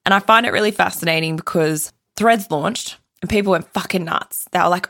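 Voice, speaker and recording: A woman talks straight into the mic on her solo podcast, her voice low with a gravelly edge. She's blunt, opinionated and swears casually. The sound is close and dry, with no room around it. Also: fairly quick, hardly any pauses, a bit bright, dry recording. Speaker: podcast host.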